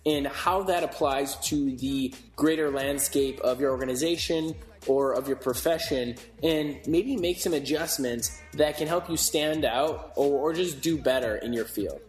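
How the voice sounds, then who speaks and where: A man's voice: fairly high pitch, unhurried, few pauses, echoey room, faint music behind. A man co-hosting a podcast in casual chat, sarcastic and rambling, with lots of restarts. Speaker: podcast co-host.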